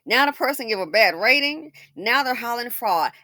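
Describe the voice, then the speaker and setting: A woman's voice: on the high side, expressive, brisk, bright, forceful tone, no room sound, studio quality. A woman doing casual storytime commentary, emphatic and full of rhetorical questions, often repeating herself.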